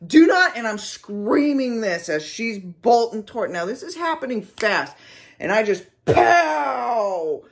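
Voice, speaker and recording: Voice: medium pitch, animated, unhurried. A vlogger telling a story casually and with animation, acting out sound effects and often checking in with "okay?".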